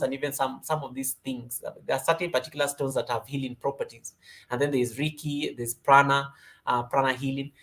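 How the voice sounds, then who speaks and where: A woman from Kenya with a Kenyan accent, hosting a casual yoga livestream and chatting through viewer comments. She rambles and greets viewers by name, and her voice often jumps up in pitch and loudness.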